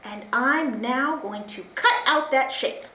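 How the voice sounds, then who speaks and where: A woman's voice: high voice, slow pace. A woman children's librarian leading a story time and craft, talking to young kids in a cheerful, sing-song way. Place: library room. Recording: roomy echo, faint background hiss.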